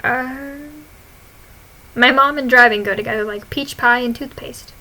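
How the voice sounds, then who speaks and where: Bright giggly young woman vlogger. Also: fairly high pitch, a little slow, poor audio. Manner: giggly, swearing, animated retelling. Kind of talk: casual reading of her own posts.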